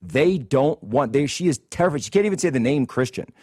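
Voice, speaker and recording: A man's voice: mid-range voice, animated, fairly quick, mellow, dry recording, clean studio sound. A man hosting a political commentary show, ranting in a combative, indignant way. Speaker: host.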